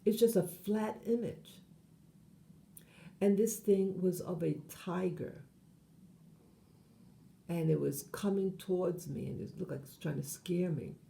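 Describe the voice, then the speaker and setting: Woman, channel host, rambling monologue, very dark mellow tone, low pitch. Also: slow, creaky, pauses often. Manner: meandering, with frequent self-corrections and fillers.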